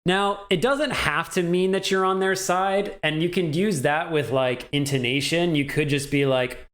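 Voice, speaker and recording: A man's voice: on the high side, moderate pace, fairly bright tone. A man giving a casual video language lesson, chatty and joking, often checking in with "right?". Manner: chatty, laughs at own jokes, asks "right?" often. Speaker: language teacher.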